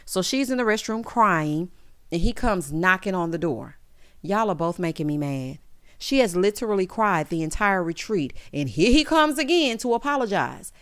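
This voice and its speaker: A woman's voice: on the low side, normal speed. A woman giving a sassy, casual recap of a reality show, mimicking the cast as she goes. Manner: sassy, animated, quotes cast members in mock voices.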